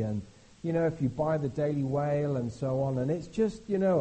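A middle-aged man preaching an animated, conversational sermon, swinging from hushed asides to loud exclamations. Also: a little high, brisk, low-quality recording. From Britain. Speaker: visiting preacher.

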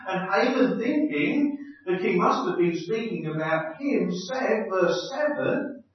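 A man preaching an expository sermon in an animated, emphatic way, repeating his key phrases. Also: high voice, measured pace. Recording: echoey hall, distant mic, dull sound.

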